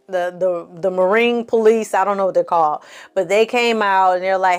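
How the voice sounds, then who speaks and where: A woman hosts a casual film recap, telling the story bluntly and with plenty of swearing. Her voice sits at a middle pitch and she sounds openly exasperated. Faint music plays softly behind her. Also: moderate pace, clear, resonant tone. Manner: blunt, profane, exasperated storytelling with acted-out quotes. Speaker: film review host.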